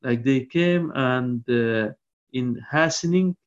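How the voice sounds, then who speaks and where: A man giving a lecture on Quran commentary, reciting Arabic verses quickly and then explaining them in halting English with many restarts. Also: mid-range voice. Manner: frequent restarts and fillers. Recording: dull lo-fi recording.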